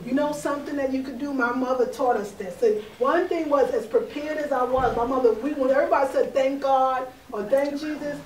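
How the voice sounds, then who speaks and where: High-voiced woman in an echoey room. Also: quick pace, few pauses, slight background noise. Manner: animated, storytelling with laughter. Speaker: spiritual advisor. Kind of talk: conversational advice. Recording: echoey room, far from mic.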